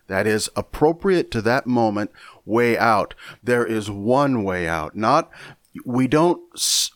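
A man teaching a Bible lesson in a measured, deliberate way, often repeating a word as he thinks. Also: medium pitch, dry recording, studio quality. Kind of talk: sermon lesson.

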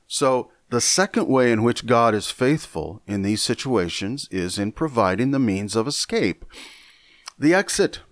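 A man teaching a Bible lesson in a measured, deliberate way, often repeating a word as he thinks. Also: medium pitch, expressive, no room sound, clean studio sound. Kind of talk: sermon lesson.

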